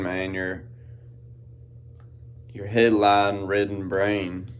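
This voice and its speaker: A man with a drawl hosts a podcast, his voice sitting a little low. He rambles along in an easygoing, unhurried way. His talk is loose and folksy, full of country slang. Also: a little hiss or hum. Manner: laid-back rambling with Southern-style slang. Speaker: podcast host. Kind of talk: casual monologue. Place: outdoors in farm fields.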